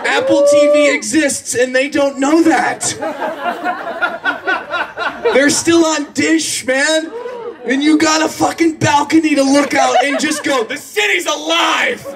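A male stand-up comedian riffing loudly and profanely through a set outdoors at a private home, breaking into sudden character voices. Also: very high voice, steady tone, slow, long pauses. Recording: distant mic, loud crowd and noise. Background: laughing audience.

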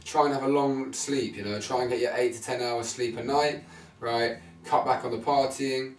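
A man's voice: medium pitch, fairly even intonation, moderate pace, faint music behind. A man giving blunt, swearing skin care advice to camera, often checking in with "right?" and "okay?". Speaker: men's fashion vlogger. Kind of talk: casual direct-to-camera advice. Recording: echoey room, mic at a distance.

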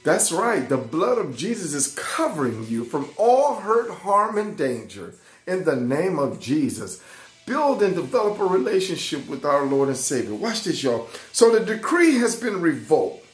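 Fervent man teaching a lively Bible lesson. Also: fairly high pitch, unhurried, roomy sound. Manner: fervent, repeats phrases, keeps saying "watch this" and "y'all". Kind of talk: excited Bible lesson for children.

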